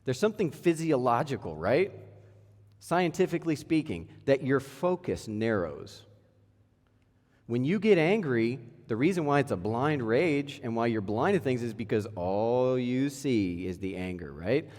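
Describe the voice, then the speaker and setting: A medium-pitched, slightly mellow voice carries this pastor's sermon, animated yet measured in pace. The man, in his thirties, preaches casually and conversationally in an echoey church hall, asking many rhetorical questions.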